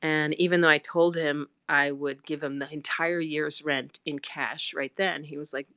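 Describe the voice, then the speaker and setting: A middle-aged woman with a low, deep voice, recorded dry and close on a phone. She spins a long, meandering personal story, leaning on fillers and acting out bits of dialogue. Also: fairly even intonation, normal speed, fairly bright tone, no echo. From United States. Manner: chatty and rambling, with many fillers and acted-out quotes. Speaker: livestream host. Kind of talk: casual storytelling on a livestream.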